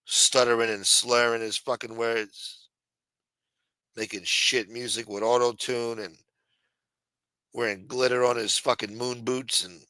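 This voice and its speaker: A man's voice: mid-range voice, fairly even intonation, measured pace, long pauses, sharp tone, no echo, rough recording. A man hosting a late-night talk show, ranting bluntly with lots of profanity. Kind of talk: casual talk-show rant.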